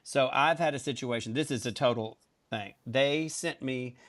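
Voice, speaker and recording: A man with a Southern US accent, a podcast guest telling stories in a lively, comic way. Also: mid-range voice, moderate pace. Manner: animated, comic storyteller. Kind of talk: casual podcast storytelling.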